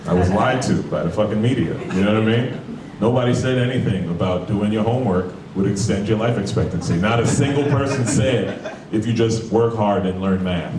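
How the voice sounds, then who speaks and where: Deep-voiced man in an echoey comedy club. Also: a little fast, noisy background. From Brooklyn, New York. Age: 40s. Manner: profane, conversational, rhetorical asides. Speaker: stand-up comedian. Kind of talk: stand-up comedy set. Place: comedy club with a live audience. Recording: echoey room, far mic, audience laughter.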